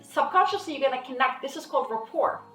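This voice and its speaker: A woman therapist explains a technique in an informal lesson, animated and repeating her main points. Her voice is high and sits back from the mic in an echoey room. Faint music plays underneath. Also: fast, far from the mic. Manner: animated, acts out client dialogue, repeats key phrases. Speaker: hypnotherapist teaching a technique.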